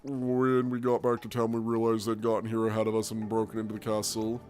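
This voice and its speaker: A man's voice: lowish voice, completely flat delivery, a little fast, a little mellow, soft background music, natural voice. A man voicing a fussy elderly male professor in a game, prim in manner.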